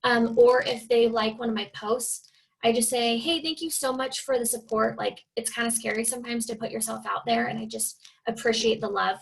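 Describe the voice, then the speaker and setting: A young fitness coach from Oregon, USA, speaks as a guest on a team video call in a fairly high voice with vocal fry, fairly even intonation, and normal speed. She's chatty and full of fillers, often acting out the people she quotes, and the audio is poor.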